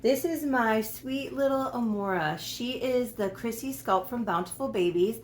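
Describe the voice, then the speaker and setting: A woman's voice: on the high side, unhurried. A young woman chatting casually to camera about her doll collection in a room at home, giggly and doting, often talking sweetly to her dolls. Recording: echoey room with faint background noise.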